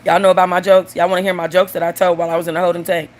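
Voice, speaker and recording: A woman's voice: on the low side, little pitch movement, very fast. A woman hosting her own show, telling stories and jokes in a casual, crude and blunt way while addressing her audience directly. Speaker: host. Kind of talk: casual storytelling and joke telling.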